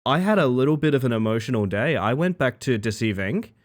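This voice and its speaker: A man's voice: mid-range voice, expressive, a little fast. A man chatting casually with his live-stream chat, rambling playfully and greeting viewers by name.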